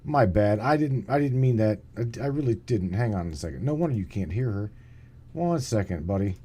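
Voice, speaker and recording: A man's voice: on the low side, lively intonation, brisk, dark tone, breathy edge. A man hosting a live online talk show, often stammering and restarting his sentences in a casual way. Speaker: show host. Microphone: online call setup.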